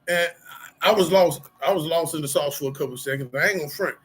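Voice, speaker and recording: A middle-aged man with a husky, slightly raspy voice pitched a bit high for a man. He talks casually and openly to his viewers, rambling with plenty of fillers and street slang. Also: quick pace, fairly bright tone, poor audio. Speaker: vlogger sharing personal recovery. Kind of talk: casual personal talk to camera.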